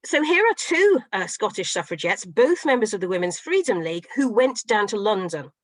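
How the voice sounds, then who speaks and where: A middle-aged woman professor giving an online history lecture, telling it as a lively story with frequent fillers. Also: medium pitch, normal speed, dry recording, rough recording. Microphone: video call.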